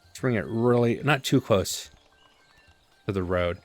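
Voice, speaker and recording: Low-voiced man musing over gameplay. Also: a little slow, no room sound, faint music behind. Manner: relaxed, thinking aloud with fillers. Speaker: gameplay commentator. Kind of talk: casual let's-play commentary.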